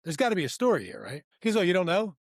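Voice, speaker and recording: Animated male podcast storyteller. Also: high-pitched, fast talker, creaky, no room sound, studio quality. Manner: animated, acts out both sides of conversations; rambling, repeats "right?" and "I go". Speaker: podcast co-host. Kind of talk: casual storytelling.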